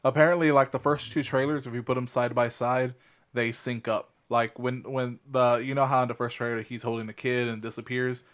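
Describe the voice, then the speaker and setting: A man's voice: mid-range voice, little pitch movement, fairly quick. A man co-hosting a podcast, speculating in a rambling, casual way with many fillers. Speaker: podcast co-host. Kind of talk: casual chat.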